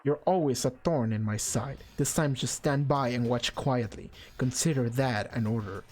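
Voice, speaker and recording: Lady doing a arrogant rich kid, lowered voice, bossy and cold. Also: normal speed, darkish tone. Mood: condescending. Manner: cold, condescending.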